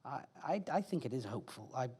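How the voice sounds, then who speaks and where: Male host, husky voice, mid pitch, hesitant and searching. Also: lively intonation, quick pace, a little mellow.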